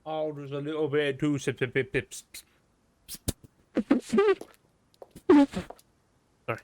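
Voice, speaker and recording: Loud, mocking streamer with a wildly swinging voice. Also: male voice, on the high side, big pitch swings, slow pace. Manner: loud, mocking, swearing at the screen. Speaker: game streamer. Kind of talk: live gameplay commentary.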